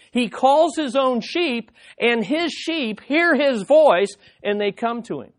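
Animated man preaching a sermon. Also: extremely high pitch, unhurried, few pauses. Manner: animated preaching with playful impressions and frequent restarts. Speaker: pastor. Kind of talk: expository sermon.

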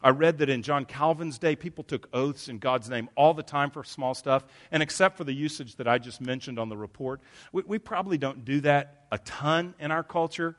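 A man's voice: on the high side, normal speed, fairly bright tone. A man preaching a sermon as pastor, earnest and emphatic, often stopping to correct himself.

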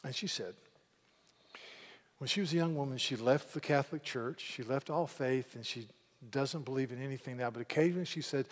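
A man preaching a sermon in an earnest, emphatic way, often repeating words as he builds to loud passages. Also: medium pitch, fairly quick. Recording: long hall reverb.

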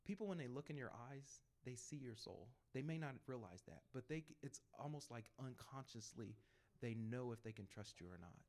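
A man on a panel sharing his evangelism experiences as a lively storytelling testimony, laughing between anecdotes and acting out bits of dialogue. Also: medium pitch. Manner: acts out dialogue in quick asides.

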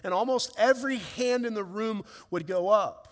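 High-voiced pastor preaching in a reverberant church. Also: male voice, a little fast, few pauses, a bit bright. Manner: earnest storytelling, emotional swells. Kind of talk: sermon with personal story. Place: church hall. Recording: long reverb of a church hall.

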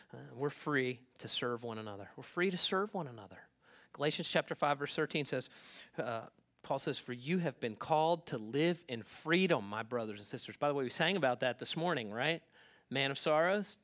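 A man preaching a sermon in a conversational way, often checking in with his listeners and swinging between hushed asides and loud, emphatic bursts. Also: medium pitch, moderate pace. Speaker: pastor.

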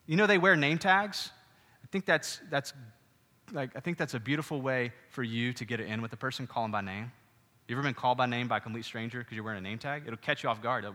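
A middle-aged man giving a sermon as pastor, conversational and animated, with frequent asides to the congregation. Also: mid-range voice, quick pace. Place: church hall. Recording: reverberant church hall.

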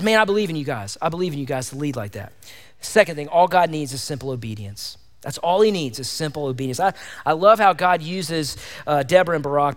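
Fervent high-voiced preacher in a reverberant church. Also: male voice, fairly bright tone. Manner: fervent, exhorting, repeats rhetorical questions. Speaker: pastor. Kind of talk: sermon. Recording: long hall reverb.

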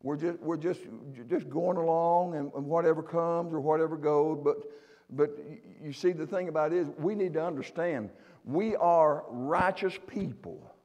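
Preacher, male, high-pitched, fervent and repetitive, church with long reverb. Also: moderate pace, a little mellow, muffled recording. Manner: preaching fervently, repeats and restarts phrases. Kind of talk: sermon. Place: church sanctuary.

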